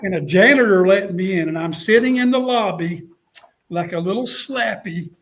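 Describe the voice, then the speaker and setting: A man's voice: high-pitched, moderate pace. A middle-aged man, a college football coach telling a story in a casual interview and acting out what others said. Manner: animated storyteller, acts out quotes.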